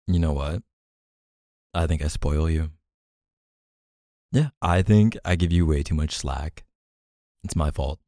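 A man's voice: low voice, vocal fry, mellow, no echo, clean studio sound. A man doing an audio role-play as a boyfriend, teasing and affectionate and laughing often.

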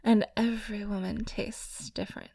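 A woman performing a whispered role-play in an intimate, coaxing way, with soft laughs. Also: medium pitch, fairly even intonation, normal speed, slightly rough.

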